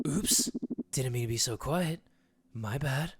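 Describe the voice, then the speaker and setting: A man voicing a menacing, soft-spoken male babysitter with a low, hushed manner. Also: takes it slowly, husky, dry recording.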